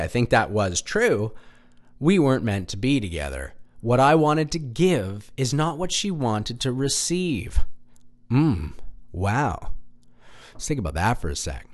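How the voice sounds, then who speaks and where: A man in his thirties hosting a podcast, telling a candid, rambling personal story in a self-deprecating way and swearing now and then. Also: mid-range voice. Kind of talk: casual monologue.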